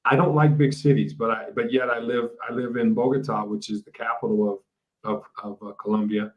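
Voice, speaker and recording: A man speaking as a life coach guest in an interview, reflective and halting, with many fillers and restarts. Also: medium pitch, level tone, highs cut off. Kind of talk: casual interview talk. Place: lives in a large city.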